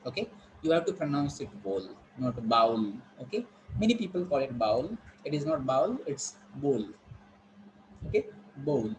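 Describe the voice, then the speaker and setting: Indian English teacher in a noisy online class. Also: male voice, medium pitch, a little mellow. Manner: instructive, repeats words, asks students questions.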